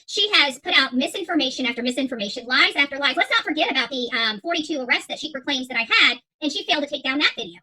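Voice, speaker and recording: Fast, bright-voiced defiant woman. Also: sits high, animated, low-quality recording. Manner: defiant, repetitive, hesitant with many fillers. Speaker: YouTube channel host. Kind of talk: heated monologue to viewers.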